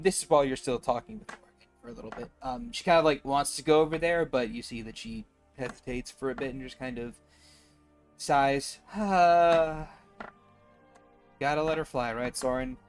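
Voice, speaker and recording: Man, role-play player, high-ish voice, animated and profane, music faint behind. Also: moderate pace. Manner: animated, laughing, swears freely. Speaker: tabletop player.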